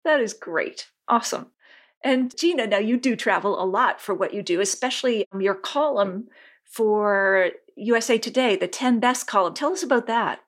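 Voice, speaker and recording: A woman's voice: mid-range voice, normal speed. A woman hosting a casual interview, upbeat, laughing along and asking her guests questions. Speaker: host. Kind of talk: interview chat.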